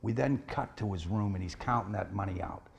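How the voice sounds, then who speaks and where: A man's voice: lowish voice, a little fast, gravelly, slight background noise. A man retelling a film plot in a casual, plain way, with frequent "he says" and "she says" tags. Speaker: storyteller pitching a film plot. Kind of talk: casual spoken film pitch.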